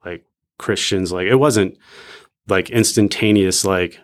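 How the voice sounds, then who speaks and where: A young man as a podcast guest, reflecting in a halting, casual way with lots of "like". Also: sits low. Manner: reflective, halting, many "like" fillers. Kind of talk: casual faith podcast chat.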